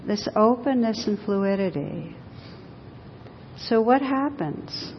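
A woman teacher giving a dharma talk, telling stories gently and with light laughter. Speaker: meditation teacher. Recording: dull lo-fi recording in an echoey hall with faint rumble.

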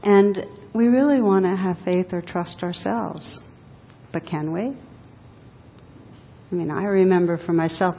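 A woman giving a dharma talk as a meditation teacher, speaking slowly and reflectively with touches of gentle humor. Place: hall with a live audience. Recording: reverberant hall, dull sound, faint rumble.

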